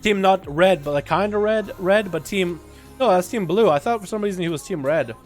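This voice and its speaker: A male streamer giving rapid, chatty play-by-play commentary on a game livestream, with rambling asides. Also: sits high, soft background music.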